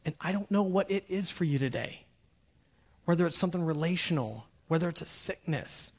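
A man preaching a conversational sermon with humorous asides, swinging between loud bursts and hushed moments. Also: fairly high pitch, expressive, brisk, slightly rough. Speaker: pastor.

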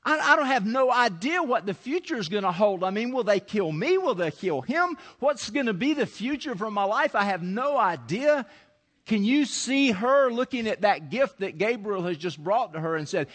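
A man with a high voice preaches an animated sermon and acts out scripture scenes. He often restarts his sentences as he builds each point. His voice rings through the long reverb of a large church sanctuary. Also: normal speed.

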